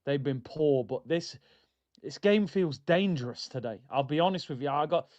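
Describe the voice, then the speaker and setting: A man's voice: on the high side, lively intonation, normal speed, a little mellow, muffled recording. A man hosting a football watchalong stream, chatting in a casual, opinionated and slangy way and addressing his viewers as "people". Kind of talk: casual fan chat.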